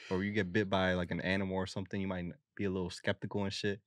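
A young man co-hosting a podcast in casual chat, slangy and quick to laugh. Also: low-pitched, flat delivery, no echo. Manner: slangy, laughs often, acts out quick voices. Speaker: podcast co-host.

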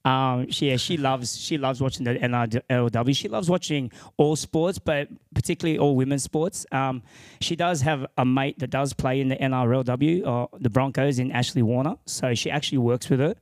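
A man's voice: mid-range voice, normal speed, no echo. A man co-hosting a casual sports podcast, chatting in an easygoing way full of fillers. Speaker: podcast co-host.

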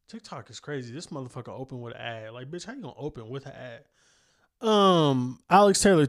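A young man hosting his own podcast from a home studio, rambling and swearing freely, laughing at himself. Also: medium pitch. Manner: profane, rambling, self-mocking, laughs often. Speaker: podcast host. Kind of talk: casual solo podcast outro. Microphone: studio microphone.

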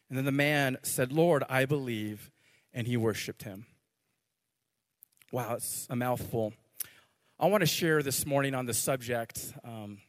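A man preaching a sermon as pastor, joking playfully at times and praying earnestly. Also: medium pitch. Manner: playful, joking asides then earnest prayer. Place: church. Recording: long hall reverb.

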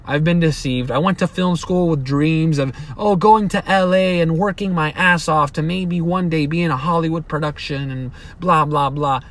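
A young man delivers a solo podcast rant, his voice sitting slightly high. He swears freely, trips over restarts and circles back on his points as his temper rises. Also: moderate pace, hardly any pauses, fairly bright tone. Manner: profane, heated, rambling with restarts. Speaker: podcast host. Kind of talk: opinionated solo podcast monologue.

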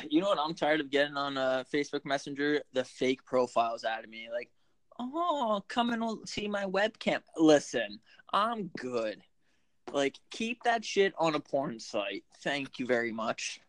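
A man's voice: medium pitch, expressive, moderate pace, fairly bright tone, no room sound. A man hosting a casual podcast, loose and profane, laughing often between remarks. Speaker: podcast host.

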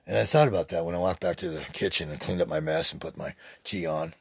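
A man's voice: low-pitched, fast, creaky, breathy edge, no echo. A man in his sixties preaching in a rambling, profane spiritual monologue as a podcast host. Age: 60s.

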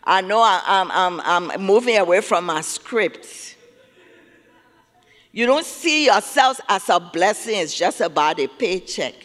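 A man's voice: sits high, lively intonation, unhurried, fairly bright tone. A man preaching a sermon, emphatic, repeating key words and calling on listeners to say them back. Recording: long reverb of a large hall.

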